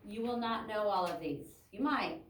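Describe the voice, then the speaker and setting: A woman's voice: mid-range voice, normal speed, far from the mic, slight background noise. A woman teaching an adult English class, chatting loosely and interrupting herself as she explains grammar. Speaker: ESL teacher. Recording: echoey classroom taped from afar.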